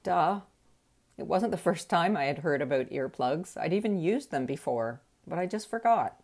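Low, gravelly middle-aged woman storyteller. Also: expressive, moderate pace, a little mellow. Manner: wry, reflective. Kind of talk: personal storytelling.

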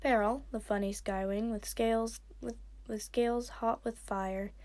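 A woman's voice: a little high, fairly even intonation, measured pace, darkish tone. Casual woman reading her own fan fiction. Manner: casual, with slips and restarts. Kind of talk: casual storybook narration.

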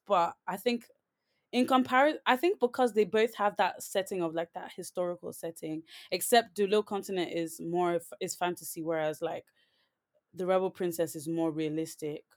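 A woman's voice: on the low side, normal speed, a little mellow. A woman co-hosting a podcast, chatting casually and rambling, with many "like"s and restarts. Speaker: podcast co-host. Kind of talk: casual chat.

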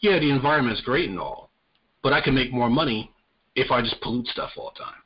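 A man's voice: medium pitch, a little fast, breathy edge, lightly acted. An American man putting on a smug, greedy rich president in a dismissive, mocking paraphrase. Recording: slightly muffled lo-fi audio.

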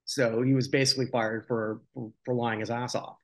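A man's voice: medium pitch, little pitch movement, moderate pace. A man co-hosting a podcast in a casual chat about old TV, rambling and joking with many restarts. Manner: rambling, self-correcting, jokey. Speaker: podcast co-host.

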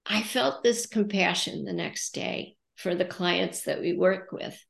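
A woman's voice: lowish voice, unhurried, creaky, echoey room. A middle-aged American woman coaching and podcasting, speaking thoughtfully as she acts out her own inner dialogue. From United States. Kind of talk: reflective casual podcast talk.

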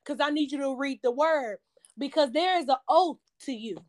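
Woman podcast host, sermon-style cadence, emphatic repeats, high voice. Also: moderate pace, a little mellow. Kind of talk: impassioned testimony, preaching cadence.

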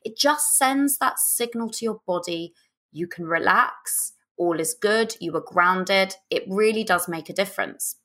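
A young woman hosting a podcast, giving chatty, animated dating advice and sometimes dropping into a lower, slower voice to demonstrate. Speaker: podcast host and dating coach.

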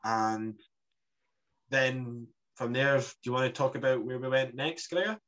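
Man, casual travel chat, rambling delivery, average pitch. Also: a little slow, fairly bright tone, muffled recording. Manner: rambling, many restarts and fillers. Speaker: podcast co-host.

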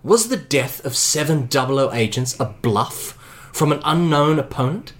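A man's voice: mid-range voice, sing-song, normal speed. A man narrating a spy adventure as game master, reading the prose and often breaking into laughter and jokes with his players. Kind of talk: storytelling with banter.

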